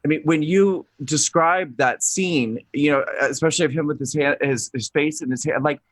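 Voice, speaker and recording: Host guy reacting, kinda high voice, says like a lot, super dry sound. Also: moderate pace, no echo. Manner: animated, lots of filler "like". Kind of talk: casual interview chat.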